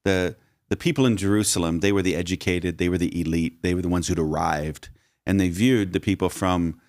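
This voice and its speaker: A man's voice: low voice, steady tone, brisk, a little mellow, no room sound, clean studio sound. A man co-hosting a podcast, discussing a Bible story and drawing lessons from it in a teacherly way. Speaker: podcast co-host.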